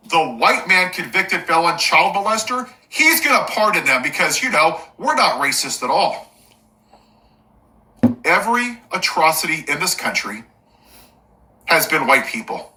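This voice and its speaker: A man's voice: a little high, sing-song, measured pace, pushed and bright, a little hiss or hum, rough recording. A man giving an impassioned political rant to camera, angry and emphatic, with sarcastic, mocking asides. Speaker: political commentator.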